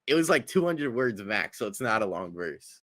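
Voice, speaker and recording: A man's voice: on the low side, sing-song, moderate pace, a bit bright, no echo. A young man joking and boasting through casual podcast banter.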